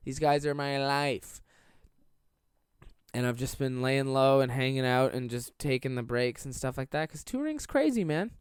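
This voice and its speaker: A young man rambles through a solo comedy podcast, cutting himself off mid-sentence and jumping into goofy voices. His voice is smooth and resonant. It is recorded close and dry, with no room sound. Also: medium pitch, animated, normal speed, no room sound. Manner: rambling, self-interrupting, slipping into silly voices to act out anecdotes. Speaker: podcast host.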